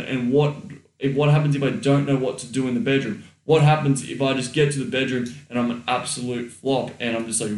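A man's voice: mid-range voice, recorded from a distance. Swearing man with a roomy echo. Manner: blunt, swears freely, acts out quoted thoughts. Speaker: podcast co-host. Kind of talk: casual advice chat. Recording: roomy echo, a little off mic.

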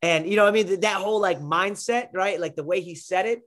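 A man's voice: sits high, fast, fairly bright tone. A young man, a podcast guest and former wrestler, telling stories casually with lots of fillers and restarts. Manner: rambling, filler-heavy storytelling. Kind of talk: casual conversation.

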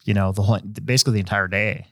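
A man hosting a casual podcast, talking in a rambling, relaxed way with many fillers and restarts. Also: lowish voice, rapid-fire, no echo, studio quality. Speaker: host; hobby shop owner.

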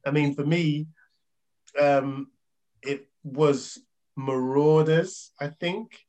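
A man's voice: on the high side, fairly even intonation, drawn-out words, a little mellow, low-quality recording. A man co-hosting a casual comics podcast, swearing freely and talking with enthusiasm. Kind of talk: casual chat.

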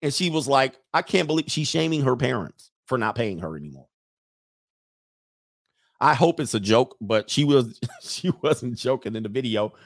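A man's voice: mid-range voice, animated, normal speed, dry recording, studio quality. A man hosting a casual livestream, reading viewer messages, joking, laughing often and mimicking people.

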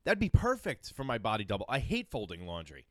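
A man's voice: lowish voice, wildly swooping pitch, brisk, no echo, clean studio sound. A man hosting a comedy podcast, casual and crude, swearing freely. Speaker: podcast host.

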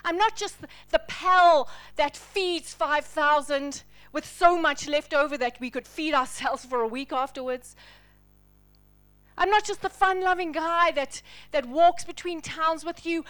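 A woman's voice: sits high, unhurried, fairly bright tone. A woman preaching a sermon to a congregation, telling Bible stories dramatically and dropping to a near whisper at the key moments.

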